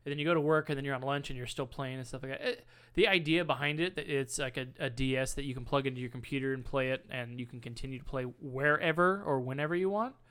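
Smooth-voiced American man telling stories. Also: medium pitch, fast, few pauses, sharp tone. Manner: teasing, storytelling. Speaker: podcast co-host. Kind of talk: casual chat.

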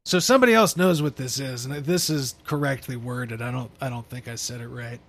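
A man's voice: mid-range voice, brisk, a bit bright. A young man co-hosting a podcast, joking crudely, swearing and laughing often. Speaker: podcast co-host. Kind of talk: casual crude banter.

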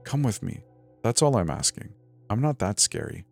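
A man voicing a desperate young man dressed as a fairy-tale prince, pleading in a strained, halting way. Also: lowish voice, big pitch swings, creaky, soft background music, voice pushed up. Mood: weary, impatient.

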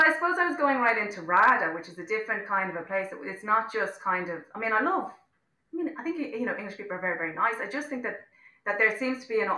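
An Irish woman, an actor-director appearing as an interview guest, speaks at medium pitch with a bright, forceful tone. She's outspoken and impassioned in this casual interview chat, often restarting her sentences. The sound is roomy and the recording rough.

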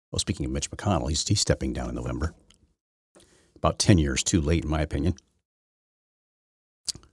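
A man's voice: low-pitched, husky, no room sound, clean studio sound. A man hosting his own political talk show, delivering an opinionated, rambling monologue full of restarts. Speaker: podcast host.

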